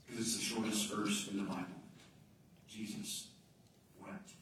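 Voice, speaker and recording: A man's voice: fairly low pitch, fairly even intonation, fast talker, slight background noise. Male pastor, distant mic in a very roomy hall, faint ambience; dynamic delivery dropping to near-whispers. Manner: dynamic, swings from loud emphasis to hushed near-whispers. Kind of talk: sermon.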